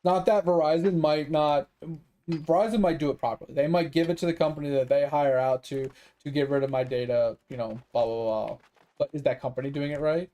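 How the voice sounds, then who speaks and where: A man's voice: a little high, a little fast, warm tone. A man chatting casually with his stream viewers, rambling and swearing freely, breaking into laughs often. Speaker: gaming streamer.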